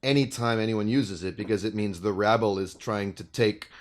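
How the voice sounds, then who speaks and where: A man's voice: lowish voice, fairly even intonation, normal speed. A man co-hosting a podcast, speaking thoughtfully and at length in casual political chat. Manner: thoughtful, wordy, restarts. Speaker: co-host.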